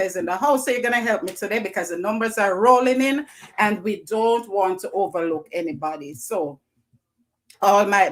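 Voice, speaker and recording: A Jamaican woman hosts a live stream, calling out viewers' names as they join. She speaks with an effusive, repeating way of talking, at a middle pitch for a woman. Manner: effusive, greets viewers by name, repeats phrases. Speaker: livestream host.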